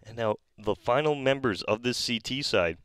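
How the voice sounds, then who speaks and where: A man doing steady, explanatory play-by-play commentary on an esports match. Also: medium pitch, normal speed, slight background noise.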